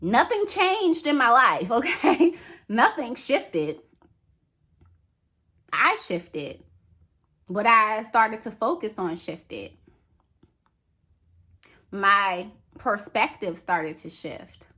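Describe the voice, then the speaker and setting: Chatty woman vlogging to camera, bright voice, keeps saying okay and right. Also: on the high side, big pitch swings, drawn-out words, pauses often. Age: adult with a daughter. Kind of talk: casual chat to camera.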